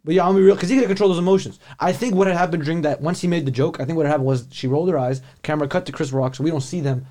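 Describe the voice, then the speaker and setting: A man co-hosting a podcast, telling a story in a loose, animated way, with restarts and swearing. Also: fairly high pitch, very fast, hardly any pauses. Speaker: podcast co-host. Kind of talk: casual chat.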